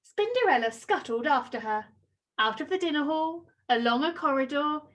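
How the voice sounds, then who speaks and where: A woman reading a children's story aloud with expressive, sing-song storytelling. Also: sits high, normal speed.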